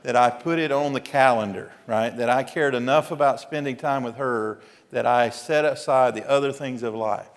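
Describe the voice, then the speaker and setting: A man, a pastor preaching an earnest, exhorting sermon with emphatic pauses. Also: medium pitch. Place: church sanctuary. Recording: long hall reverb.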